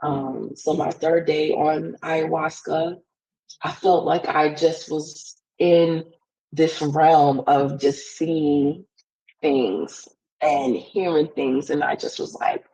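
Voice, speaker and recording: Appearing as a podcast guest, a woman tells a personal story in an earnest, casual way, leaning heavily on "like" as a filler. Her voice is low, slow, creaky, and warm, and the recording is rough.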